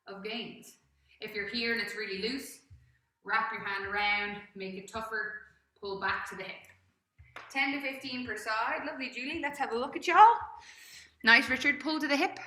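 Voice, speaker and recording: An Irish woman leads a live workout class. Her voice is very bright and sharp, pitched a little high. She talks in a chatty way, cheers people on and laughs often. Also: moderate pace, echoey room. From Ireland. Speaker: fitness coach.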